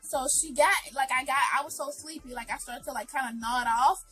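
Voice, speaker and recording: A woman's voice: high-pitched, brisk, fairly bright tone, faint music behind, low-quality recording. A woman vlogger telling an emotional storytime, speaking earnestly and directly to her viewers with lots of fillers.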